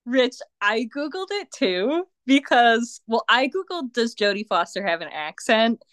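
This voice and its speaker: Woman, podcast guest, casual chat, slightly high pitch, dry close sound. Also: very animated, a bit bright, no room sound. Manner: unhurried, laughs often, amused.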